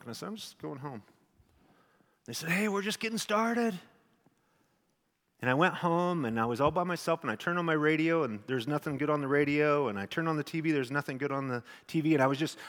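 A man, a pastor, giving a sermon testimony as an animated storyteller who swings from hushed tones to near shouting. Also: medium pitch. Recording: long hall reverb.

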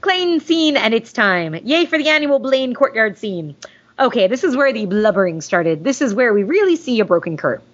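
Woman, podcast host, gushing casual chat, high-ish voice, muffled lo-fi sound. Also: animated, fairly quick. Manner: gushing, chatty, jokey. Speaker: podcast host reading listener mail. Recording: dull lo-fi sound.

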